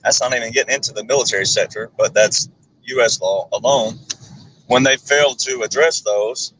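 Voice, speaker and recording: A man's voice: mid-range voice, moderate pace, fairly bright tone, husky, low-quality recording. An American man, a guest speaking from inside a car, earnestly lecturing and piling up legal references. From United States. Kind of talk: earnest explanation.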